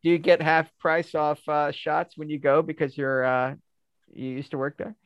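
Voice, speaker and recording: A man's voice: on the high side, little pitch movement, moderate pace, clean tone, dry recording. A man with a Maryland accent, co-hosting a casual podcast chat about music and teasing his friends. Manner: joking, teasing. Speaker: podcast co-host.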